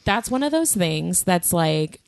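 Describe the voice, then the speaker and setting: A woman co-hosting a podcast, talking casually about a book with quick asides and laughter. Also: lowish voice, big pitch swings, vocal fry. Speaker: podcast co-host.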